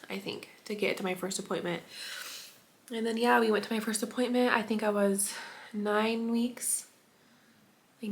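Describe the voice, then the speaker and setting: A young adult woman vlogging at home, telling an emotional personal story in a chatty way, filled with "like" and laughter. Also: medium pitch. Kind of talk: casual storytime vlog. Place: at home indoors.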